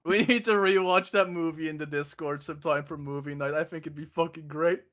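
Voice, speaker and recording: A man's voice: a little high, fairly even intonation, brisk, a bit bright. A young Dutch man hosting a casual stream chat, laughing as he rambles through comedy scenes. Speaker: streamer host.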